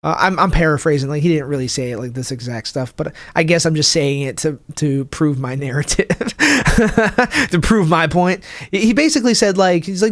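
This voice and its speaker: High-voiced man ranting on a dry mic. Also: lively intonation, normal speed, dry recording. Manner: rambling, full of restarts and "like", swearing; acts out people's quotes in a higher voice. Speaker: podcast host; stand-up comic. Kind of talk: casual solo podcast rant. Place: home room, livestreaming.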